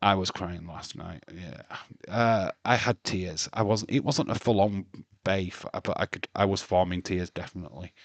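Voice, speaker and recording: Male streamer, slightly low pitch, dry sound; casual, sweary, ranting host. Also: moderate pace, no echo. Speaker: wrestling livestream host. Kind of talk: casual livestream chat.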